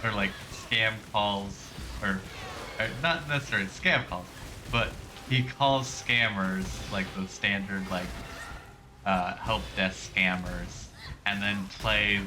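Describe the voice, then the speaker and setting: A man's voice: lowish voice, fairly even intonation, takes it slowly, noisy background. A man streaming a game, talking casually and rambling off on tangents. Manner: rambling and tangent-prone, heavy use of "like". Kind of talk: casual gameplay commentary.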